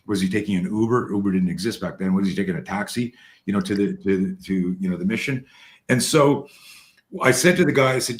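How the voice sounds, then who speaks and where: A man, a guest fear-management trainer, telling long anecdotes in casual talk with many restarts and fillers. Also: on the low side. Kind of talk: casual storytelling.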